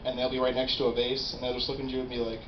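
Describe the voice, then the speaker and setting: A man's voice: mid-range voice, rapid-fire. Young man doing rambling stand-up comedy. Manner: rambling, animated, profane storytelling. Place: small live comedy venue. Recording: roomy, dull, noisy live room.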